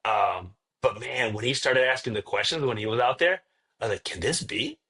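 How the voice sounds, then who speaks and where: A man's voice: medium pitch, brisk, a bit bright. A man, a pastor who is a podcast guest, telling a story in casual conversation and acting out the quoted dialogue.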